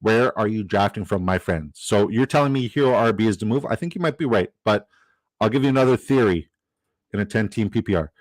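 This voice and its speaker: A man's voice: on the low side, a little fast, dry recording, low-quality recording. A man hosting a fantasy football livestream, chatting casually, joking and reading out the chat. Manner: upbeat, jokey, reads chat aloud.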